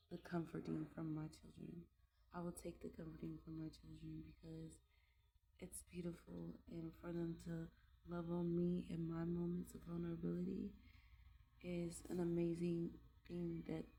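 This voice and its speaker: Gravelly low-voiced mother, earnest and halting. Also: a little mellow, slight background noise. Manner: earnest, halting, with frequent restarts and trailing pauses; candid and heartfelt. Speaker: mother vlogging about parenting. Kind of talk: casual reflective vlog monologue.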